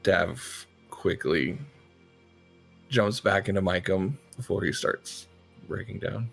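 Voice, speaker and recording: Joking male player, very low and gravelly, lively pitch. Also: slow pace, soft background music. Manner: joking, laughs often. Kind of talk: casual chat.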